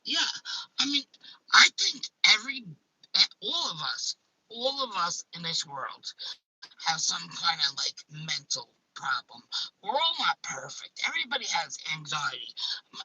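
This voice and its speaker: A woman with a Staten Island, New York accent hosts a casual live stream, talking bluntly, swearing freely and often restarting sentences. Her low-leaning voice is husky, sharp and very animated, if a little slow, and the recording is rough.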